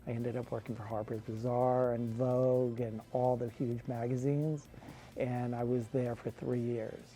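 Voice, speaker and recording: Mellow, flat-voiced man telling stories. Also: mid-range voice, measured pace, faint music behind. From California. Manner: rambling anecdotes with frequent "like". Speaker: guest, photographer. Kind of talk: casual storytelling interview.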